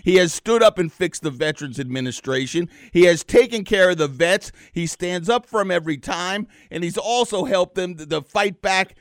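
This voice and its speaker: A man's voice: high-pitched, lively intonation, normal speed, few pauses, no room sound, clean studio sound. Emphatic male talk radio co-host. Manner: emphatic, repeats phrases, says my friend.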